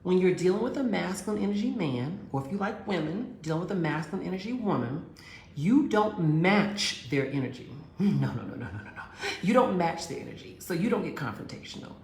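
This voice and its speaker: A woman's voice: lowish voice, creaky, a little mellow, a little hiss or hum. A woman telling a relationship story and giving advice straight to her listeners, acting out both sides of the conversation. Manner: direct, addresses listeners as girls and honey. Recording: roomy echo.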